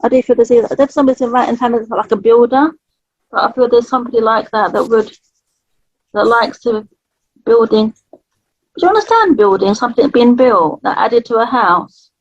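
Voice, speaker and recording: Casting: warm-voiced woman, higher pitch, dry close sound, slightly muffled. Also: brisk, no room sound. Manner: gentle, chatty, laughs often. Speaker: spirit artist. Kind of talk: live psychic drawing session.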